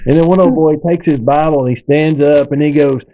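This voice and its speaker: Animated man spinning a story. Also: on the high side, fairly quick, poor audio. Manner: animated storyteller, acts out quoted people. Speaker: podcast host. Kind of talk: casual storytelling.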